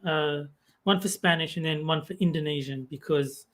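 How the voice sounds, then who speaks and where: A co-host with an Australian accent talks on a casual online show. The voice is mid-pitched, and the delivery is relaxed and wanders a little from point to point. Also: normal speed. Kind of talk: casual podcast chat.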